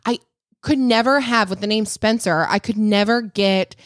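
A woman's voice: medium pitch, moderate pace, dry recording, studio quality. A young woman co-hosting a podcast in casual, chatty conversation. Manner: chatty, laughs along. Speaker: podcast co-host. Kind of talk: casual chat.

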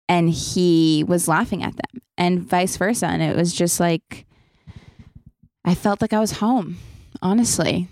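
A woman's voice: on the low side, gravelly, a little mellow, no room sound, clean studio sound. A young woman hosting a casual podcast Q&A, chatty and loose, swearing freely and saying "like" a lot. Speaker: podcast host. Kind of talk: casual Q&A chat.

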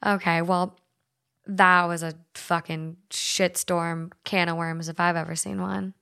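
A young woman with a Minnesota accent hosts a podcast in a loose, conversational way. She swears freely and fills her talk with "like". She sounds relaxed and unscripted as she reads stories aloud. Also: on the low side, a little slow, vocal fry, clean tone. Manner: swears freely, chatty, many "like" fillers. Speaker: podcast host. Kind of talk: casual chat, reading stories aloud.

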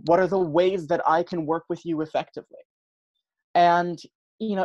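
A man's voice: sits high, a little mellow, no room sound, lo-fi sound. A man, a podcast guest, chatting casually and explaining at length with many ums and you-knows. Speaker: podcast guest, tarot practitioner.

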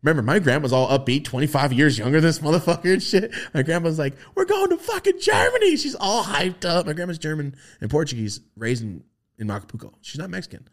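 A man telling a long family story in casual podcast chat, profane and animated, putting on the voices of his relatives. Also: fairly high pitch, fast. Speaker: podcast host.

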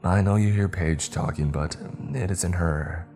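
A man's voice: sits low, measured pace, a little mellow, faint music behind, pitched above the performer's own voice. A man voicing a soothing older mother. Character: gentle older mother comforting her grown son.

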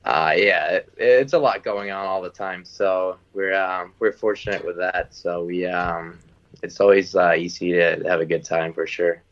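A man's voice: deep voice, fairly even intonation, measured pace, dull audio. A young man from Sweden with a Swedish accent, giving modest, brief answers as a podcast guest. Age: young adult. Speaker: guest, college hockey goalie. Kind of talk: casual podcast interview.

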